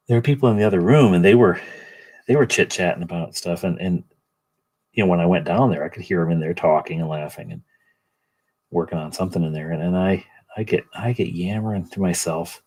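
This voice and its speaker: A middle-aged man hosts a relaxed livestream, rambling along as he paints and greets his viewers by name. His voice is low and somewhat husky. He talks in a loose, chatty way. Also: normal speed, long pauses. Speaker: livestream host painting miniatures. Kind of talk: casual livestream chat.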